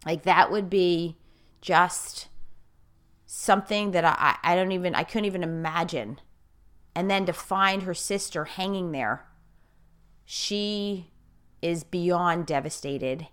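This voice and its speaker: A middle-aged woman with a smooth, clear voice that sits slightly low. She tells a personal story earnestly and casually. She rushes ahead in quick bursts and often restarts her sentences. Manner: earnest, animated storyteller who repeats herself and speeds up in bursts. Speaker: host.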